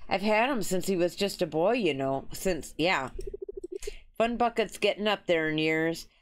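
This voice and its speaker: A woman's voice: fairly low pitch, animated, measured pace. A woman hosting a let's play, chatting casually and reading game dialogue aloud. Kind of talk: casual gameplay commentary.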